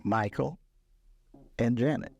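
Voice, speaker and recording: An older man, a musician, telling stories from his career in a relaxed, laughing way on a podcast. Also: mid-range voice, takes it slowly, creaky, dull audio. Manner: relaxed, laughing storyteller, acts out quoted voices. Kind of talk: casual storytelling chat.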